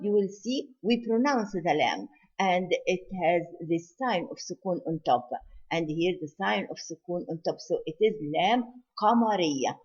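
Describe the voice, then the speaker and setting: A woman with a husky, slightly breathy voice teaches recitation rules, pausing to repeat each example word slowly and carefully. The sound is dull and lo-fi. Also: lowish voice, darkish tone. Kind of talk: online lesson explaining pronunciation rules. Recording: dull lo-fi recording.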